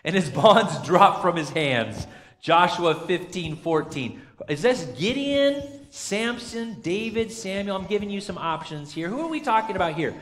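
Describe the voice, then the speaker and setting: A man's voice: sits high, expressive, unhurried, fairly bright tone. Chatty pastor quizzing his congregation. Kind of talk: interactive Bible trivia sermon. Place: church sanctuary. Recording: long church reverb.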